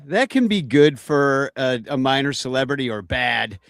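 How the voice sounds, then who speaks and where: A man's voice: mid-range voice, animated, moderate pace, vocal fry, no room sound, clean studio sound. A man hosting a casual chat show, joking with wry asides. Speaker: host.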